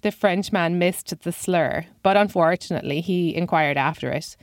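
A woman's voice: fairly low pitch, normal speed, hardly any pauses, dry recording. A woman comedian telling a first-person comic story in a dry, self-deprecating way.

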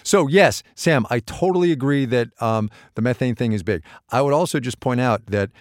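A man's voice: medium pitch, very animated, fairly quick, few pauses, dry recording, studio quality. Wry man co-hosting a podcast. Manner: wry, self-deprecating. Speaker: podcast co-host. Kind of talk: casual chat.

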